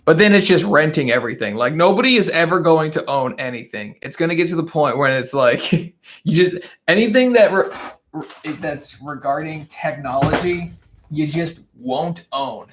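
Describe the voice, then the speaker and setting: Here a man hosts a casual live chat, reading viewer comments aloud and frequently breaking into laughter, using a desk microphone. He sounds a little high and expressive, talking at a normal speed.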